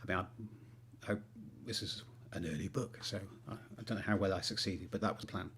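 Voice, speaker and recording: A man's voice: sits low, steady tone, a little fast, a bit bright, a little hiss or hum. A male author on a livestream, rambling with many fillers, talking about writing and then reading aloud.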